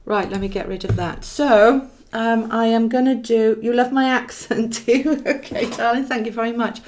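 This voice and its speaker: Speaking at a moderate pace, a Welsh tarot card reader gives a live, chatty reading, thinking aloud over the cards and calling viewers darling. Her voice is on the high side, with fairly even intonation and a darkish tone.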